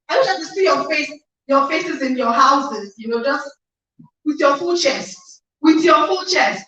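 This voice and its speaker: A Nigerian woman hosting an online conference livestream, energetic and emphatic, repeating phrases and reading out viewers' comments. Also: high-pitched, unhurried. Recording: echoey distant lo-fi livestream audio.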